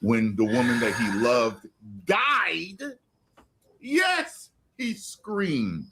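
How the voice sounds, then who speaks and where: A man's voice: mid-range voice, wildly swooping pitch, takes it slowly, a bit bright, breathy edge. A man giving his opinion in a clip, lecturing emphatically and repeating his points.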